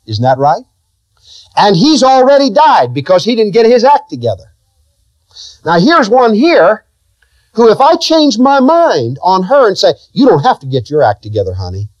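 A man's voice: no room sound, highs cut off. A man preaching a sermon. He asks his listeners questions and swings his voice up and down for emphasis. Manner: preaching with sudden rises and drops in pitch, asking the listeners questions.

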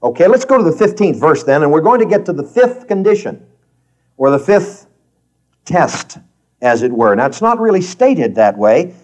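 A man's voice: a little high, very animated, moderate pace, darkish tone, lo-fi sound. A man teaching a Bible class in an earnest, emphatic, folksy way.

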